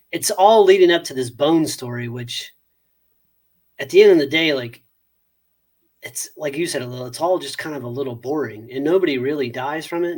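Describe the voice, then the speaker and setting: A man co-hosting a casual movie review podcast, animated and profane, often laughing and acting out scenes. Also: mid-range voice. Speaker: podcast co-host.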